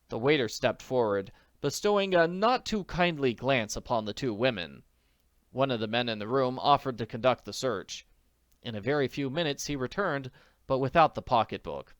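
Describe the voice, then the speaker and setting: A man reading a classic mystery novel aloud as an audiobook narrator, expressive and animated. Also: mid-range voice, moderate pace, dry recording.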